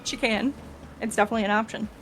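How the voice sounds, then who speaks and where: Woman game master, brisk, practical, slightly high voice, faint background noise. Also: fairly even intonation, fairly bright tone. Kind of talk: running a tabletop game.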